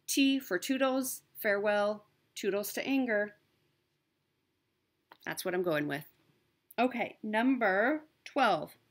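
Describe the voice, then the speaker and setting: A woman chatting casually as a cross stitch vlogger, upbeat and talkative, with frequent ums and self-corrections. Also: mid-range voice. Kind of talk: casual show-and-tell chat.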